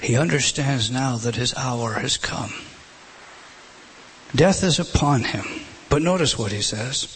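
A male preacher delivering a sermon in a mid-pitched voice. He often sinks into a hushed, near-whispered delivery for emphasis. A faint hiss sits under the recording. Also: unhurried, poor audio. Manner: dramatic drops to a hushed whisper.

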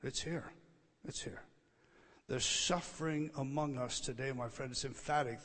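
A man preaching an expository sermon, repeating key phrases with emphasis and swinging between loud declarations and hushed, quiet lines. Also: medium pitch, moderate pace, in a large hall. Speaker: pastor.

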